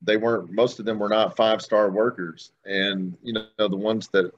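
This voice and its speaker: A man co-hosting a podcast, talking in a steady, reflective way, recorded with dull lo-fi sound and faint noise behind him. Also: on the low side, moderate pace. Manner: steady and reflective, talks things through. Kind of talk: casual podcast chat.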